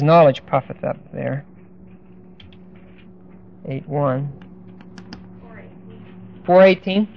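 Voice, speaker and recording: A man teaching a verse-by-verse Bible lesson, speaking deliberately and with emphasis, stopping now and then to look up verses. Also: fairly high pitch, vocal fry. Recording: dull lo-fi recording.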